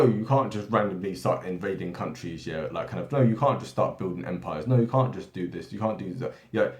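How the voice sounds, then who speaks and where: A man from Britain talks through a loose, unscripted monologue, tacking "right?" and "yeah?" onto his points and stumbling over repeated words as he goes. His voice sits on the low side. The room around him rings with a noticeable echo. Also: darkish tone. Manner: rambling, many tag questions and restarts. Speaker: political commentary channel host. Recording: echoey room.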